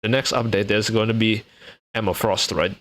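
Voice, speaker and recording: A man's voice: on the low side, steady tone, moderate pace, a bit bright. A young man from Indonesia chatting casually with his live-stream viewers, laughing often and restarting his sentences.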